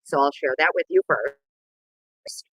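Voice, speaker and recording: Woman, livestream host, playful, slow-paced, dry room. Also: huge pitch swings, a bit bright, husky, dry recording, rough recording. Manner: playful, greets viewers by name; bursts of sing-song and squeaky voices. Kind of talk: casual livestream chat.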